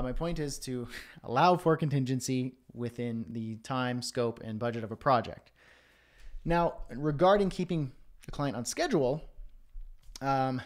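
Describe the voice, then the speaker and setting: Male livestream host, mid-range voice, relaxed advice-giving, fillers, home studio. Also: medium pitch. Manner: conversational, self-deprecating, frequent fillers.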